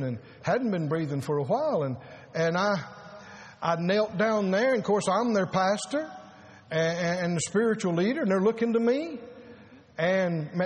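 Pastor guy, pretty high voice, earnest sermon, halting and repeats words then pushes hard. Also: expressive.

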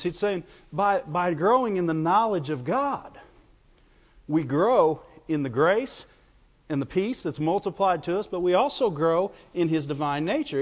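A man preaching a folksy sermon in church, calling out to the congregation for amens as he goes. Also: high-pitched. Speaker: pastor. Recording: dull lo-fi recording with long reverb.

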